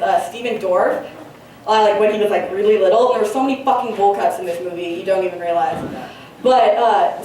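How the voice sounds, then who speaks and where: A young woman performs a stand-up set on a club stage, rambling through her stories with constant fillers, curse words and giggles. Her voice sits a little high. It is picked up from a distance in a very echoey room with a faint hum of ambience behind her. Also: a little mellow. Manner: rambling, filler-heavy, profane, giggly delivery. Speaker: stand-up comedian. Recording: very echoey room recorded from afar.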